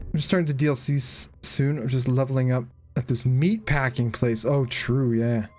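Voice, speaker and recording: A man streaming a video game in casual chat, reacting out loud and swearing freely as he talks with viewers. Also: mid-range voice, fairly even intonation, normal speed, soft background music. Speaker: gaming streamer.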